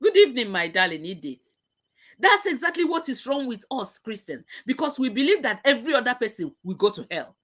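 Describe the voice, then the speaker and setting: Passionate woman with a lively bright voice. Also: on the high side, a little fast. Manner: passionate, repetitive, preaching. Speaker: host. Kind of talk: emotional live-stream talk.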